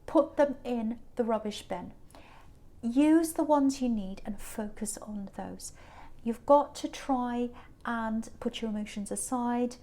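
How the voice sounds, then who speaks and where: A woman's voice: a little high, slow pace, warm tone. A woman reading tarot cards to camera as the channel's host, earnest and emphatic, often repeating words for stress. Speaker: tarot reader.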